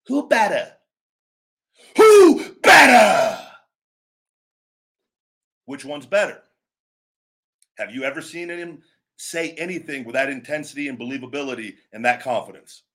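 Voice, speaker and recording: A middle-aged man holds forth with blunt, forceful conviction, punching his points hard. He breaks into loud, stretched-out catchphrases to show how they should land, then drops back to plain talk. His voice sits in an ordinary middle register. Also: medium pitch. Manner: emphatic, blunt, acts out catchphrases with shouts and drawn-out words. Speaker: podcast host and former pro wrestler. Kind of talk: opinionated casual talk.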